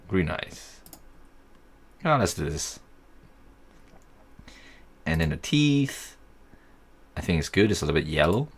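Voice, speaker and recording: A young man casually talking through a software tutorial, thinking aloud as he works. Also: extremely low pitch, creaky, breathy edge. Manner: easygoing, thinking aloud while working. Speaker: tutorial host.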